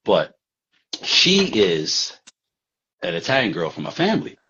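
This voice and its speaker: A husky, low-voiced man around sixty tells a rambling, streetwise story full of fillers and swearing. The recording sounds dull and lo-fi. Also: wildly swooping pitch, measured pace, bright, forceful tone. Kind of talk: casual storytelling.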